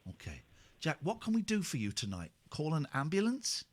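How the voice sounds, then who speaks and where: A man hosting a late-night radio phone-in from a studio, mocking and teasing callers with bursts of shouting. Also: on the high side, huge pitch swings, moderate pace. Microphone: studio microphone.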